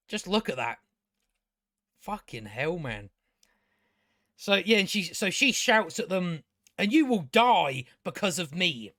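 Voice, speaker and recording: A man with a slightly high voice rants in a sarcastic, exasperated way, swearing freely and slipping into mocking impressions. The sound is dry and close, with no room around it. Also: fairly bright tone, no echo. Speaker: show reviewer. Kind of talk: casual profane rant.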